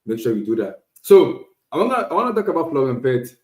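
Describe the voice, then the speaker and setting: A man hosting a casual solo football talk stream, animated and repetitive, often restarting phrases. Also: medium pitch, fast talker, reverberant, rough recording. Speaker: podcast host. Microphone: streaming setup.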